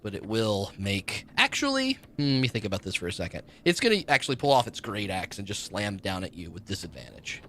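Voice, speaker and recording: A man running a tabletop game as game master, narrating monsters and rules in a quick, chatty way. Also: on the low side, big pitch swings, sharp tone, a little hiss or hum.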